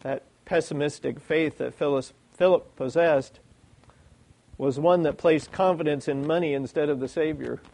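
Lively man preaching a sermon. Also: on the high side, moderate pace, vocal fry, rough recording. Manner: animated, lots of rhetorical questions.

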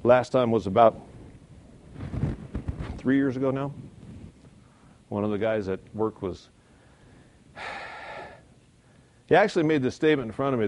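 A man teaching a Sunday school Bible lesson in a conversational, folksy way, slowing down and building up for emphasis. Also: mid-range voice, creaky, darkish tone. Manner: conversational, folksy, chuckles at own points.

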